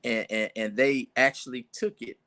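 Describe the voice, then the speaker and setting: A man's voice: medium pitch, steady tone, normal speed, bright, forceful tone. A man preaching an informal sermon in a church, talking conversationally with asides and restarts.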